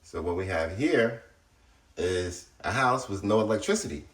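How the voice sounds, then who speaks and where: A man's voice: lowish voice, lively intonation, moderate pace, a bit bright, echoey room. A man hosting a casual how-to video, talking straight to viewers in a blunt, chatty way while he works around his house. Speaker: DIY solar video host. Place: house interior, laundry area.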